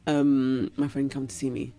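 A woman's voice: extremely low pitch, moderate pace. A woman co-hosting a podcast, telling stories in casual chat and laughing often. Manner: laughs often, animated storytelling. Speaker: podcast co-host.

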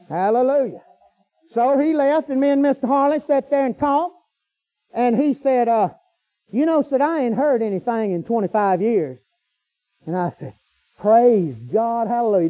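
Man, preacher, very high voice, dark mellow tone, folksy hallelujahs. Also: muffled recording. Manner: folksy, hollering hallelujahs, colloquial grammar. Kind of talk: storytelling sermon.

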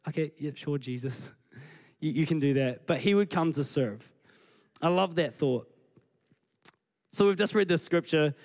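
A man preaching a sermon as pastor, retelling scripture with lively acted-out dialogue. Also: fairly high pitch, a little slow, long pauses. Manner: animated storytelling, acting out scripture scenes.

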